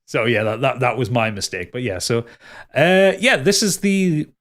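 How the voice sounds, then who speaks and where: A man's voice: medium pitch, very animated, normal speed, fairly bright tone. A man as game master, wrapping up a tabletop podcast episode in rambling, upbeat casual chat. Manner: rambling, lots of restarts and laughs, upbeat.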